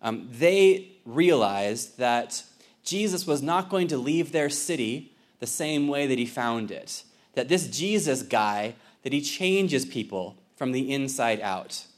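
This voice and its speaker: A man's voice: medium pitch, lively intonation, takes it slowly. A young man from Ireland giving a casual sermon in a church as a visiting missionary pastor, conversational and joking, with many fillers. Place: church sanctuary.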